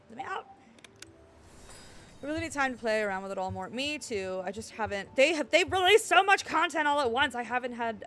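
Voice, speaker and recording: A woman with a slightly high voice talks casually to her live-stream viewers while she plays a game. She sounds playful and excitable, throwing out jokes as she goes, with faint music in the background.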